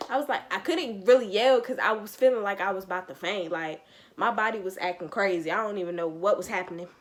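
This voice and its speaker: A young woman, telling a slangy, animated storytime with quoted asides in a casual vlog. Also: medium pitch, fast talker. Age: young adult. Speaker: vlogger.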